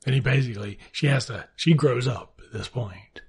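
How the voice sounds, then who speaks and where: A man's voice: mid-range voice, normal speed, husky. A man retelling a novel's plot in a casual, sarcastic and heavily profane way. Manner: sarcastic, swearing, offhand. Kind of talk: casual profane book recap.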